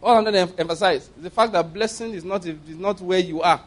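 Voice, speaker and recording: A man's voice: high voice, fast. A man with a Nigerian English accent preaching a sermon, telling stories emphatically and often breaking into laughter.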